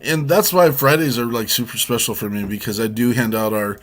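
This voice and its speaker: A man's voice: mid-range voice, a little fast. A man co-hosting a casual chat show, telling a long story with many restarts. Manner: rambling, warm storytelling with restarts. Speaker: co-host.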